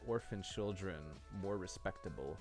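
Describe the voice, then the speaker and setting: A man's voice: low-pitched, animated, moderate pace, a little mellow, faint music behind. A man co-hosting a casual podcast, a little tipsy, crude and swearing, reading an article aloud between jokes. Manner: crude, laughing, swears often. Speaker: podcast co-host.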